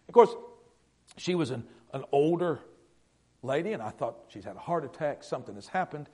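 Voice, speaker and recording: A middle-aged man preaches a sermon as a pastor, his voice on the high side, animated, and husky. He tells a story earnestly, with halting repeats and hushed moments.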